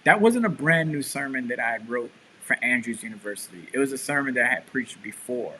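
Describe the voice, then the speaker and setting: A man's voice: medium pitch, brisk, a little hiss or hum, poor audio. A man, a pastor and show co-host, telling a story in casual chat and acting out the quotes. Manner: animated storyteller, acts out quotes.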